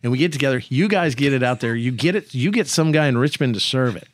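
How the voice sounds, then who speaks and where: A man, a lawyer and politician, telling a story in a podcast conversation with lively, teasing jokes. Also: medium pitch, fast, no room sound. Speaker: lawyer and state senator.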